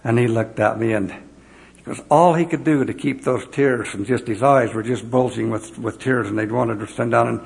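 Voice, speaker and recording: Speaking at a normal speed in a mid-range voice with vocal fry, a man who once led missionaries delivers a devotional talk. He tells personal stories earnestly, performing the remembered dialogue for his audience.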